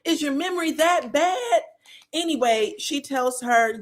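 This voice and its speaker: A woman hosting a live reaction stream, recapping reality TV drama in an animated, emphatic way and laughing often. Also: sits high, unhurried. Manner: acts out cast members' lines in quoted voices. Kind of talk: live gossip reaction chat.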